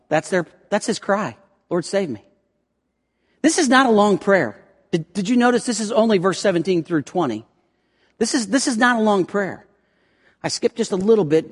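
A male pastor preaching a sermon with passion, swinging from loud pleading prayers to hushed, quiet lines, often repeating words as he restarts. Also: high voice, lively intonation, moderate pace, big-room sound. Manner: impassioned, rising to loud prayerful pleas then dropping to hushed tones.

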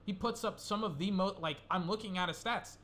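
Here the same young male gaming commentator talks a little fast in a high, fairly bright voice. He rambles casually on his own, cursing and growing more heated, over slight background noise.

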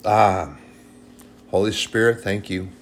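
Low-voiced man preaching earnestly. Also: steady tone, slow. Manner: earnest, plain-spoken, scolding at times. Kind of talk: informal sermon.

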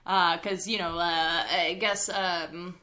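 A woman's voice: lowish voice, steady tone, slow pace, sharp tone. A woman co-hosting a podcast, chatting casually and filling her talk with "like" and "uh". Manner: chatty, fills with "like" and "uh". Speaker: podcast co-host. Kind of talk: casual chat.

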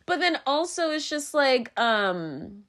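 A woman's voice: high voice, very animated, slow pace, fairly bright tone. A young woman talking straight to camera in a blunt, rambling, swear-heavy monologue, often breaking into laughter. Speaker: vlogger.

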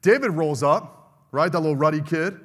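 A man's voice: on the high side, moderate pace, fairly bright tone, slightly rough, big-room sound. A middle-aged male pastor preaching a fervent sermon, calling out to the congregation for amens.

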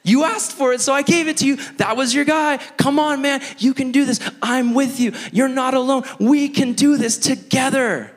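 A man's voice: very high-pitched, steady tone, normal speed, hardly any pauses, faint music behind, voice pushed up. A man voicing God as an eager, coaxing male voice urging him on, heard with long hall reverb. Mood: encouraging.

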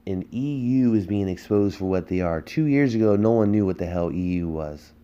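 A man's voice: low voice, moderate pace, dark tone, lo-fi sound. A man hosting a political podcast, delivering a heated, emphatic monologue full of rhetorical questions. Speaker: podcast host.

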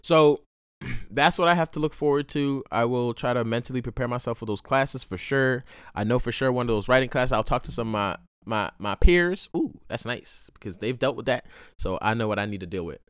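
A man's voice: medium pitch, fairly quick, clean tone, dry recording, studio quality. A young man hosting a podcast, telling stories casually in slangy, profane talk. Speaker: podcast host and college student. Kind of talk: casual storytelling monologue.

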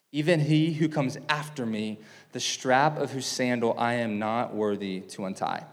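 A man's voice: medium pitch, in a large hall. A man preaching a sermon, teaching with big swings in volume and emphasis. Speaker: pastor.

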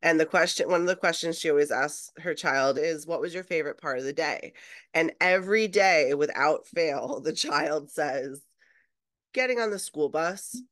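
A woman in her thirties co-hosting a podcast, telling stories in a lively way and laughing easily. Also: low voice, normal speed. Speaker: podcast co-host. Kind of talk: casual chat.

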